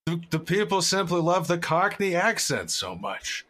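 A podcast co-host chats in a casual comedic way, rambling, crude, and jokey, often trailing off and losing his train of thought. His voice is high-pitched and fairly bright, with big pitch swings, moderate pace, and a little hiss or hum.

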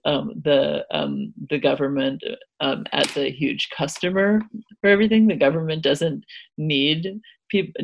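A woman author being interviewed, explaining history at length with a hesitant delivery full of pauses and filler words. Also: low voice, creaky. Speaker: author guest. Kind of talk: conversational interview.

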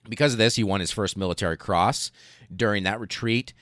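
Deep-voiced man telling history stories. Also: fairly quick, dry recording, studio quality. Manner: excitable, profane, many fillers and restarts. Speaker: podcast host. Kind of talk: casual history storytelling.

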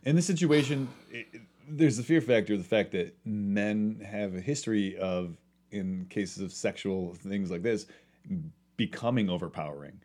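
A man's voice: lowish voice, normal speed. A man co-hosting a casual podcast chat, telling stories and acting out what people said. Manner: animated storyteller, acts out quotes. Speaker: podcast co-host.

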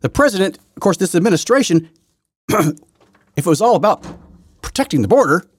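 A man hosting his own podcast from his basement, rambling through a political rant that swings from loud outbursts to low muttering, with many restarts. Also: sing-song, fairly quick, husky, dry recording. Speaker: podcast host. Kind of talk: solo political commentary rant. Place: home basement.

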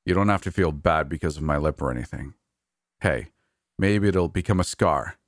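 A laid-back young man speaks casually, with a joking, reassuring manner, as voiced by a male storyteller. His voice is very low and recorded dry and close. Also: normal speed, no echo, natural voice.

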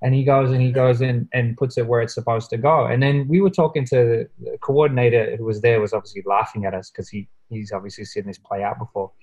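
A man telling a story in casual chat, rambling and filling pauses with "you know" and "like", growing animated as he recounts it. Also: lo-fi sound. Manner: animated when recounting, pitch jumps up.

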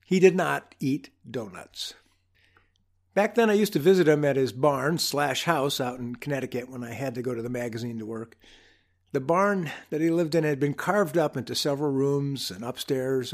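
A man's voice: mid-range voice, a little mellow. Wry man telling a reflective story. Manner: wry, unhurried, humorous asides. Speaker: podcast host.

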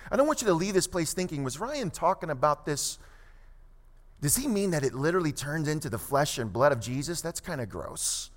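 A man preaching a sermon as pastor, emphatic, with quick asides and slow, stressed phrases. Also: fairly high pitch, very animated. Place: church sanctuary. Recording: long hall reverb.

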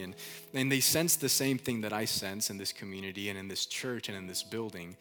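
A man's voice: on the low side, fairly quick, pushed and bright, soft background music. A man preaching a sermon in a church, talking casually, repeating himself a lot and asking the congregation to call out answers. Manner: casual, repeats phrases, lots of "like". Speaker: pastor.

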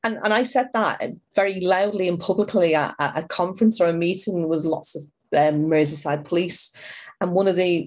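A woman's voice: lowish voice, a little mellow. A middle-aged woman from Ireland, an outreach worker answering interview questions in a rambling way with many restarts.

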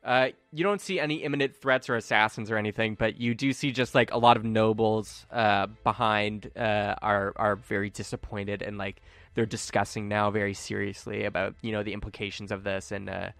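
A man narrating as game master in a relaxed way, with many fillers. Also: lowish voice, a little fast, creaky, few pauses, no room sound.

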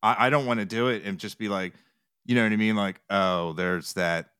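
Low-voiced man rambling in chat. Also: steady tone, moderate pace, fairly bright tone, smooth, dry recording, studio quality. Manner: rambling, many restarts and quoted asides. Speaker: podcast guest, TikTok music reactor. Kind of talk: casual interview chat.

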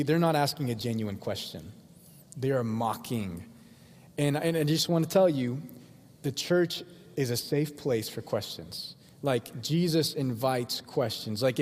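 A man preaches in a loose, chatty way, as if talking with friends, and now and then slips into the voices of the crowd. His voice sits at an ordinary middle pitch. A long reverb trails after each phrase, as in a large church. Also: darkish tone. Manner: casual and conversational, acts out voices of the crowd. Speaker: pastor. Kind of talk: sermon. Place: church sanctuary.

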